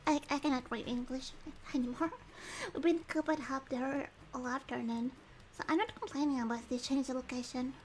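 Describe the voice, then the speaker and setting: A bubbly woman streaming a game, with a high voice that chats, laughs and reads lines aloud while she eats. A faint hiss sits under her voice. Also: fairly even intonation, moderate pace. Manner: chatty and giggly, eating and talking with food breaks. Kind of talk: casual livestream chat while reading a game aloud.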